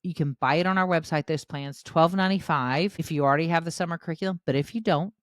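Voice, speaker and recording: A middle-aged woman with a drawl talks to parents in a casual, encouraging podcast style. Her voice sits on the low side, and the recording is close and dry. She slips into lively acted-out voices when she quotes kids or parents. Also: fast, no room sound. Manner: animated, acts out quoted voices, warm encouraging. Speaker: podcast host, parenting educator.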